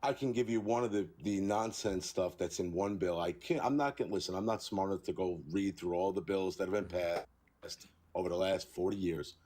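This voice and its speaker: Man from new york, low voice, halting, tired, arguing on a live stream. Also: darkish tone. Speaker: caller.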